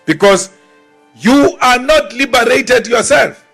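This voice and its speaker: A South African politician delivering a rousing, defiant speech to a crowd, repeating phrases for force and mocking timid voices. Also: male voice, very high voice, takes it slowly, creaky, fairly bright tone, slightly rough, faint music behind.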